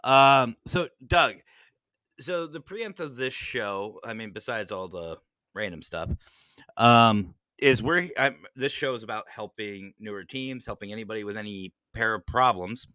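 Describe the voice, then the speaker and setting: Give me a joking, foul-mouthed male podcast host with a very lively voice and a dry sound. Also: lowish voice, normal speed, clean tone, dry recording. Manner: joking, swears freely, expressive storytelling. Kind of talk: casual profane chat.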